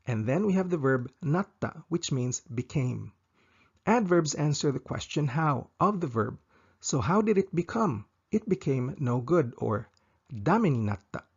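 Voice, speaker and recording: Gravelly-voiced man teaching slowly. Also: a little high, sing-song, lo-fi sound. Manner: slow, repeats each example twice. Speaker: language teacher. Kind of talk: scripted language lesson.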